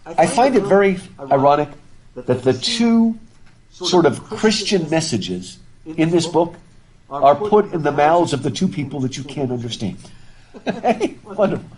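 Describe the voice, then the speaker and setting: A man lecturing to a live class while wearing a face mask, chatty and animated, often repeating words as he thinks aloud. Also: on the high side, a little slow, crowd noise, rough recording. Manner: talking through a face mask. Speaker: professor. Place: university classroom with students. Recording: classroom with students audible.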